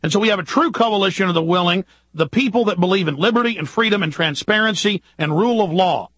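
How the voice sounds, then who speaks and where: Guy ranting on talk radio, high bright voice, kinda husky, dry muffled sound. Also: dry recording. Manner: urgent, ranting, rapid-fire rhetorical questions. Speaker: radio host. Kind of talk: impassioned political monologue.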